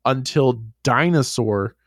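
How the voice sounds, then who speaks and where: A man co-hosting a podcast in casual chat, telling the story in a lively, swearing way with frequent laughs. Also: mid-range voice, slow pace, no echo, studio quality. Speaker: podcast co-host.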